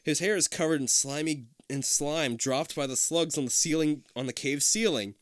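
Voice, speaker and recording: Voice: medium pitch, moderate pace, no room sound, clean studio sound. A podcast co-host reading a choose-your-own-adventure book aloud in a casual, comedic way, swearing freely and laughing often. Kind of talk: casual comedic read-aloud with crude asides.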